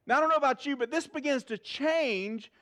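A middle-aged man, preaching a sermon in a church to a live audience, animated and humorous, asking the crowd questions. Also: very high-pitched, brisk. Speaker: pastor.

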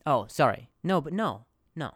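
A man's voice: fairly high pitch, big pitch swings, normal speed, no room sound. A young adult man hosting a casual comedy podcast, rambling through a story with lots of jokes, asides and restarts. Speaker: podcast host.

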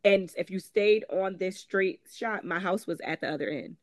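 A woman from Connecticut, speaking with that state's accent, appears as a guest author in an interview and tells stories from her past. Her mid-range voice moves at a moderate pace, and she is candid and conversational, using lots of "um" and "like" and acting out quoted voices. The recording is dry, with no room echo.

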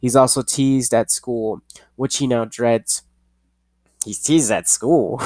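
A man's voice: medium pitch, fairly even intonation, darkish tone, dry recording. Rambling, profane young man podcaster. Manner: rambling, profane, laughs at himself, reads haltingly. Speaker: podcast host. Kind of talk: casual rambling commentary.

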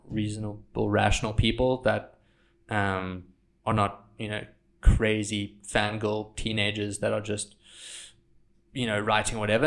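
Young filmmaker dude chatting casually, cusses a lot, does squeaky mock voices for quotes. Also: male voice, vocal fry. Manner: animated, swears freely, acts out quotes in high mocking voices. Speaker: filmmaker and content creator. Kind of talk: casual podcast chat.

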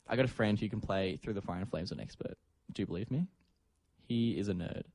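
A man's voice: fairly low pitch, fairly quick, creaky, a little mellow, dry recording. A young man, a drummer guesting on a podcast, rambling and laughing in casual chat.

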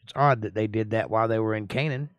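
A man's voice: on the low side, fast talker, clean tone, dry recording, muffled recording. A man leading a casual livestream Bible study in a folksy, chatty way, reading scripture aloud, explaining it, and greeting viewers by name. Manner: reads scripture aloud and comments on it.

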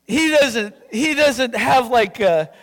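A man from Yakima preaching a sermon as pastor, animated and conversational, checking in with his listeners. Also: very high voice, slow pace. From Yakima, Washington. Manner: animated, conversational, keeps asking "right?". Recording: long reverb in a hall.

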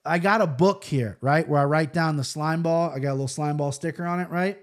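A man hosts a casual podcast and runs through his picks. He talks in a loose, joking way and swears freely. His voice sits a little higher than most men's. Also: brisk. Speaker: podcast host. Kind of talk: casual podcast chat about fight picks.

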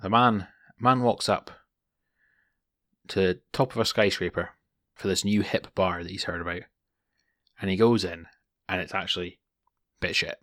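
A man co-hosting a podcast, spinning jokes with a dry, wry delivery. His voice is very deep yet has a bright, forward edge. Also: steady tone, moderate pace, pauses often. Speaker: podcast co-host. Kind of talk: casual podcast chat, telling jokes.

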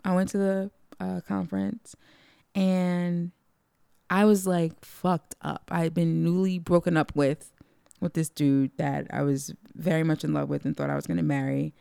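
A woman telling a personal story in casual chat, animated and profane, acting out the lines of the people in it. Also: fairly low pitch, moderate pace, gravelly, smooth, dry recording, studio quality. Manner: animated, profane, acts out quoted dialogue.

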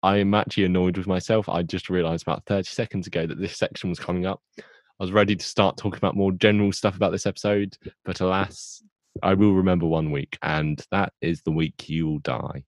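Casting: podcast co-host, very low voice, dry close mic, rambling jokey recap. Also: male voice, steady tone, no room sound. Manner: rambling, jokey storytelling with quick asides. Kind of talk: casual plot recap.

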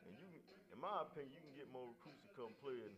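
A man's voice: mid-range voice, rapid-fire. Casual sports-talk co-host: man, jokey, profane, loose slang, crowd noise in the background. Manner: joking, profane, laid-back slang.

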